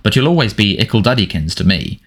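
A man's voice: on the low side, big pitch swings, fast. A man doing a mocking teenage boy. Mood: taunting. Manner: mocking, sardonic. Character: sarcastic teenage boy, defiant and needling.

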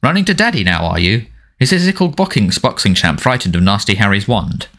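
A man's voice: on the low side, very animated, fairly quick, fairly bright tone. A man doing a mocking teenage boy. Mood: taunting. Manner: mocking, sardonic. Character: sarcastic teenage boy, defiant and needling.

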